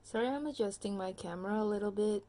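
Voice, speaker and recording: With a mellow, mid-range voice at a moderate pace, a tired woman gives her viewers a casual pick-a-card tarot reading via phone camera. She talks chattily and directly to the listener, using many fillers and restarts.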